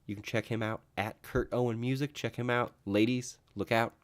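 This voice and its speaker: A man's voice: medium pitch, normal speed. Rambling young man hosting a talk show. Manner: rambling, animated, filler-heavy talk. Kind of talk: casual solo vlog monologue.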